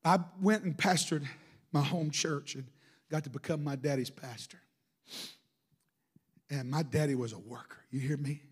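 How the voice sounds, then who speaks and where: A middle-aged man preaching a sermon, telling emotional stories that swing from hushed to shouting. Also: on the high side, moderate pace, pauses often, breathy edge. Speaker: pastor.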